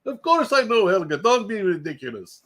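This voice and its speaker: A man's voice: high-pitched, big pitch swings, brisk, sharp tone, pitched above the performer's own voice, heavily acted. A man voicing a stiff, formal Russian husband with a put-on Russian accent.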